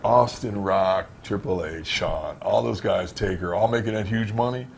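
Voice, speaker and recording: Low-voiced man telling wrestling road stories. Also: moderate pace, vocal fry, slight background noise. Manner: animated, acts out dialogue in anecdotes; frequent fillers and restarts, conversational. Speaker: former pro wrestler, interview guest. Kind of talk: storytelling shoot interview.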